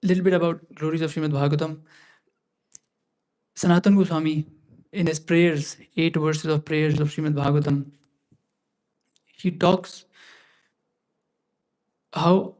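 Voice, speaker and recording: A man's voice: on the high side, level tone, a little slow, pauses often, darkish tone. A man giving a scripture class in a temple, talking conversationally and often restarting and repeating phrases. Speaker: class speaker.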